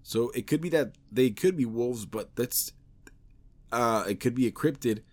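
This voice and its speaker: A man's voice: medium pitch, measured pace, darkish tone. A man hosting a podcast, talking in a casual, rambling, offhand way with heavy swearing. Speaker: podcast host.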